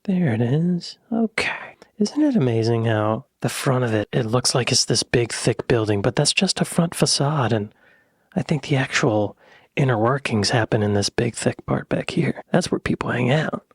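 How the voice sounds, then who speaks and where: A man hosting a reaction video. He talks in a playful, joking way and often drops into soft whispered asides. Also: medium pitch, lively intonation, moderate pace, creaky, husky, dry recording, clean studio sound. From United States. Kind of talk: casual reaction commentary.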